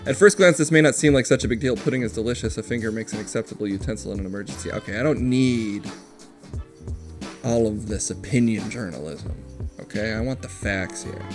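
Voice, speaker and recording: A man hosting a livestream, giving quick, sardonic comedic commentary. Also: on the low side, faint music behind. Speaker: streamer host.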